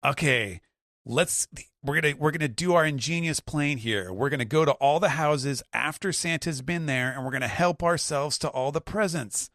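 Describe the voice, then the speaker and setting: A man's voice: a little high, normal speed, fairly bright tone, dry recording, studio quality, pitched above the performer's own voice. A man voicing a scheming, boastful clown pirate captain with a gleeful, conspiratorial manner. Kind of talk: quoted comic character voice in podcast chat.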